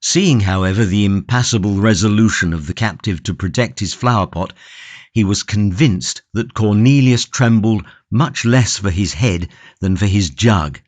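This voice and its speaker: A man narrating a classic novel audiobook in a measured, steady reading from a close studio mic. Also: on the low side, no echo. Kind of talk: scripted narration.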